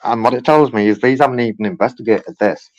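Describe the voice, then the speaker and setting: A man's voice: medium pitch, fast talker, low-quality recording. A man chatting casually on a livestream, rambling, swearing freely and talking back to his chat. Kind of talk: casual live-stream chat.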